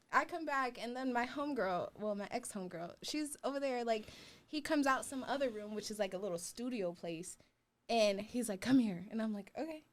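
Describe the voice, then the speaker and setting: A young woman telling a story in casual chat, laughing often and acting out what others said. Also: on the high side. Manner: animated, laughing often, acting out quoted voices.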